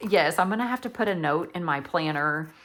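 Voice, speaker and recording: A woman's voice: low voice, expressive, a little fast, a bit bright. A woman, chatting casually as a craft vlogger, gushing and rambling with lots of likes and ums. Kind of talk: casual chatty flip-through.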